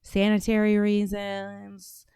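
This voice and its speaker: A blunt, opinionated woman from Atlanta hosting a podcast, swearing freely as she reacts to clips. Her voice is smooth and clear. It sits close and dry on the mic. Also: medium pitch, monotone, slow pace, dark tone, dry recording. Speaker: podcast host. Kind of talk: casual commentary on played clips.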